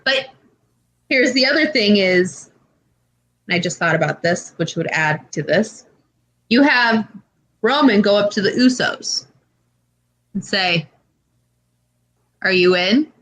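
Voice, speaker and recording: Animated woman telling a story. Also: medium pitch, measured pace, pauses often. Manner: animated storytelling, acts out quotes. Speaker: podcast co-host. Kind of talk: casual chat.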